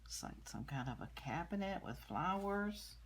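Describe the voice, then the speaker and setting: Older grandma reading picture book to kids; deep but very lively voice, gentle asides. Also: female voice, moderate pace, slight background noise. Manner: gentle, explaining pictures, drops to soft asides. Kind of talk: storybook read-aloud with commentary.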